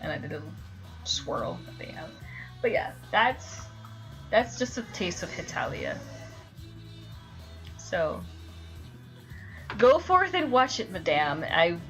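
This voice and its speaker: A young woman streamer in casual chat, animated and swearing as she rants. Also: lowish voice, takes it slowly, long pauses, soft background music, low-quality recording.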